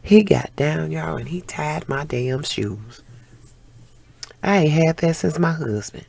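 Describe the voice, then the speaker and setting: A woman in her fifties giving viewers a casual life update, telling stories with animated flair and casual swearing. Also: deep voice, slow pace, vocal fry, breathy edge. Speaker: vlogger.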